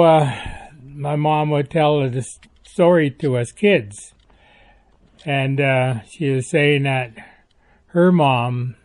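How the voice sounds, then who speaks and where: A man from northwestern Montana retelling a family story in a slow, halting way with many pauses and fillers. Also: medium pitch, a little mellow.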